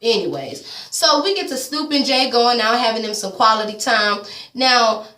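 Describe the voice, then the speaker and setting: A woman's voice: a little high, animated, moderate pace, bright, forceful tone, recorded from a distance. A woman giving a blunt, profane, chatty recap of a reality TV episode, full of casual asides. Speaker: TV recap vlogger. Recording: echoey room, voice away from mic.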